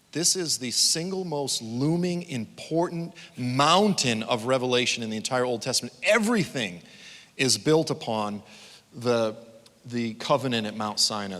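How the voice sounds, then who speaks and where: A man preaching a conference sermon, an animated storyteller who acts out quotes with sudden shouts. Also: medium pitch, big-room sound.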